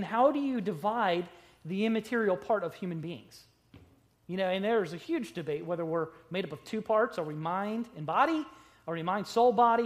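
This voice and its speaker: A pastor with a high voice preaches conversationally, posing rhetorical questions and swinging between loud stressed words and quiet asides.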